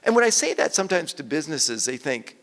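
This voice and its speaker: Gravelly older man telling stories in a hall. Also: fairly high pitch, fast talker. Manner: animated storyteller, quotes people in lively voices. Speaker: author and guest speaker. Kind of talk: conversational stage talk. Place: event hall with audience. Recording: long hall reverb.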